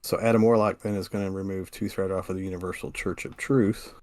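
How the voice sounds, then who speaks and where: A man with a fairly low voice works through his card-game turn out loud, slowly and deliberately. The sound is close and dry, with no room echo. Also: fairly even intonation. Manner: slow and deliberate, plans moves aloud. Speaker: podcast co-host. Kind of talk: casual card-game play talk.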